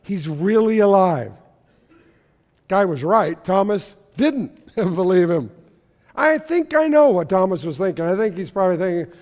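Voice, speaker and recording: A man with a high voice preaches in a church sanctuary, his words ringing with long reverb. He tells a story, asks questions of the congregation and answers them himself. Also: animated, moderate pace, a little mellow. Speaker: pastor. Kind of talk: sermon.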